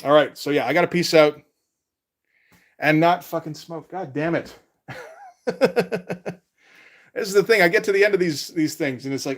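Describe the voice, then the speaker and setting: A man's voice: on the high side, normal speed, long pauses. A man chatting casually on a live stream as a comic artist, rambling and laid-back, with casual swearing.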